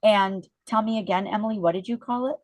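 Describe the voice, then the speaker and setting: A middle-aged woman leading a sales team meeting over a video call, telling a motivational story in a chatty, animated way and keeps checking in with "okay?" and "you guys". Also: medium pitch, fairly quick, no echo.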